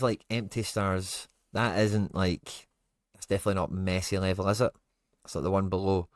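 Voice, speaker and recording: A young man in casual stream commentary who gets excitable, groans, scolds himself and chats to his viewers. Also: lowish voice, no room sound, clean studio sound.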